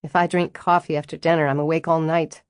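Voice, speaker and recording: A woman plays a tightly wound young widow in an audiobook, careful and apologetic in every word. The voice sits low and the sound is dry and close. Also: level tone, fast talker, dry recording, lightly acted.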